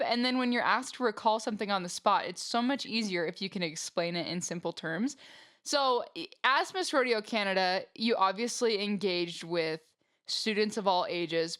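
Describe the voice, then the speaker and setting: A woman's voice: mid-range voice, a bit bright. Articulate woman hosting a podcast. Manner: measured, articulate, frequent backchannel laughs. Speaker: podcast host, former rodeo queen. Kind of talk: interview hosting.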